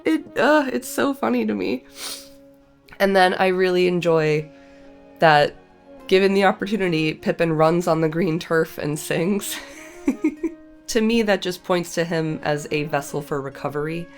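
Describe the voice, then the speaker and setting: A young woman who reads passages from a novel and then gushes about them in slangy, laughing asides. Her voice sits a bit low and sounds congested from a cold. Faint music plays under her. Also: a little slow. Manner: playful, laughing, slangy and enthusiastic. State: has a cold. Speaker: video essay host. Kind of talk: reading a novel aloud with casual commentary.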